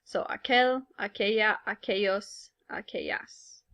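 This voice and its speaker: A woman's voice: medium pitch, fairly even intonation, measured pace, a bit bright, muffled recording. A woman teaching a recorded language lesson in a patient, explanatory way, speaking with casual fillers. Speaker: Spanish teacher.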